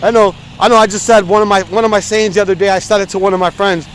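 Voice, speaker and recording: With the phone in hand, a man in his forties walks through the cold on a city street and rants casually for his vlog, cursing often and speaking bluntly and emphatically. His high, steady voice goes very fast. There's slight background noise.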